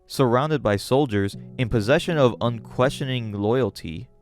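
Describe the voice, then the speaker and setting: A man reading as a calm scheming serpent. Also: mid-range voice, a little slow, soft background music, natural voice. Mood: measured.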